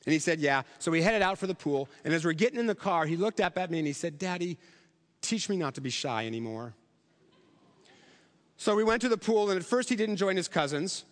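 A man's voice: high voice, quick pace, few pauses, long reverb tail. A middle-aged male pastor preaching a sermon in a conversational, storytelling way with rhetorical questions.

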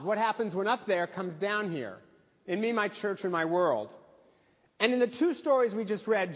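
A man preaching a sermon with a fairly high voice, his tone easy and storytelling, with dry humor. The sound carries a long echo from the church. The recording is a little dull and muffled. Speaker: pastor. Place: church sanctuary.

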